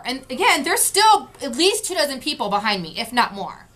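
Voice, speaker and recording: A woman's voice: sits high, big pitch swings, a little fast, pushed and bright. A woman vlogger recapping an event in casual talk, frustrated and retelling what people said. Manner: frustrated, retelling with quoted voices.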